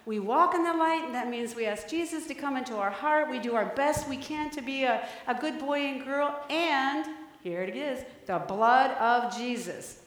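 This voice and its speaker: Animated woman leading a children's sermon. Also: sits high, moderate pace. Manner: animated, coaxing questions to children. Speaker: children's message leader. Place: church sanctuary. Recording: echoey hall, roomy.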